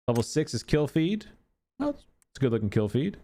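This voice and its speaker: A man's voice: fairly high pitch, creaky, darkish tone. A man giving casual gameplay commentary as a gaming YouTuber, thinking aloud in a chatty way with many filler words.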